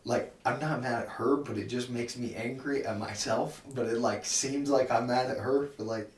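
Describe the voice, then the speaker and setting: A man's voice: mid-range voice, fairly even intonation, normal speed, a little hiss or hum. Young guy on a roomy distant mic. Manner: self-deprecating, swears a lot. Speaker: podcast guest. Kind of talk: casual chat.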